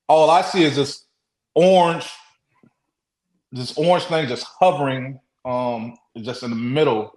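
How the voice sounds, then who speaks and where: A man guest telling a story in casual talk. He speaks haltingly, with many restarts, and acts out the quotes. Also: medium pitch, echoey room, poor audio. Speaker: interview guest.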